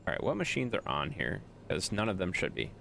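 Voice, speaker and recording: A man with a fairly low voice and a lively, swooping delivery talks his way through a game stream. He banters with viewers, tells them off in mock exasperation, and narrates what he is doing in loose, casual talk. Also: fairly quick, gravelly, slight background noise. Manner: bantering, scolds and teases chat. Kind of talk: casual live-stream commentary while playing.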